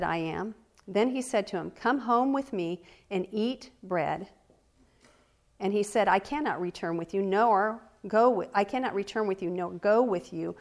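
A woman teaching the Bible, reading scripture aloud slowly and deliberately, with earnest conversational asides. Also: medium pitch. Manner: reads slowly and deliberately, stressing key words.

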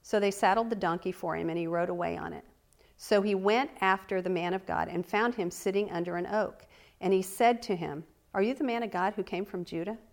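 A woman teaching the Bible, reading scripture aloud slowly and deliberately, with earnest conversational asides. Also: medium pitch, creaky. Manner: reads slowly and deliberately, stressing key words.

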